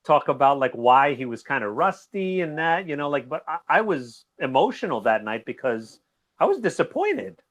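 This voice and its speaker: Animated man rambling about a fight. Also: a little high. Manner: animated, rambling, quick to laugh. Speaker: guest, boxing YouTuber. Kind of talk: casual boxing recap chat.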